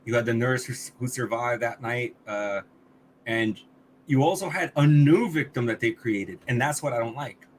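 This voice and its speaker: A man's voice: medium pitch, moderate pace, slight background noise. A man co-hosting a podcast, reviewing a movie in casual chat, blunt and swearing often, with many restarts. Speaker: podcast co-host.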